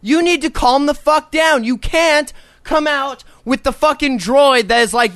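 A man's voice: extremely high pitch, a little slow, fairly bright tone, dry recording. A young man hosting a podcast, ranting profanely and with exasperation. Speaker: podcast host. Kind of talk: casual ranting podcast chat.

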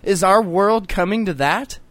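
A young man hosting a casual online show, telling crude stories fast with plenty of swearing and laughter. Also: sits high, fairly bright tone. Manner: profane, joking, quick storytelling with laughs. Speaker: podcast host.

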